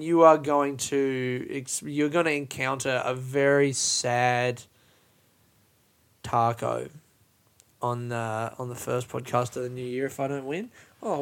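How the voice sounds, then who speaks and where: Talking alone on his podcast, this comedian has a fairly bright, mid-range voice. The monologue is casual and rambling, candid and self-deprecating, with frequent cursing.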